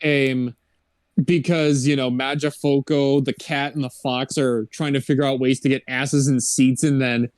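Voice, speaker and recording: A man's voice: medium pitch, little pitch movement, unhurried, a little mellow, dry recording, studio quality. A man co-hosting a podcast, casually rambling through a movie plot and mimicking the characters. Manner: rambling plot recap with mock character quotes. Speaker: podcast co-host. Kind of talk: casual movie review chat.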